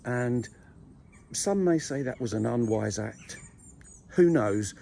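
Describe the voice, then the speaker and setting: A man's voice: medium pitch, expressive, slow pace, gravelly, mellow, slight background noise. A man giving a rambling, mock-serious comic monologue outdoors in a churchyard. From southern England. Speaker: video blogger.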